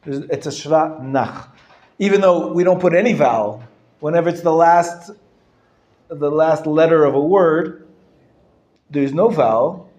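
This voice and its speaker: A male rabbi teaching a live class, explaining patiently and sounding words out slowly, often clearing his throat and chuckling. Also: fairly high pitch, a little mellow, muffled recording. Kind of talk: live classroom lesson on Hebrew reading. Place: lecture room. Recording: roomy echo from a live class.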